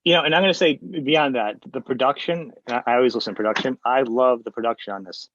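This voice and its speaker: A man in his fifties hosting a podcast interview, enthusiastic and talking in quick bursts. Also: medium pitch, fairly bright tone, no room sound. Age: 50s. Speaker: podcast host. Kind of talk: casual interview chat. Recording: dry, slightly dull recording.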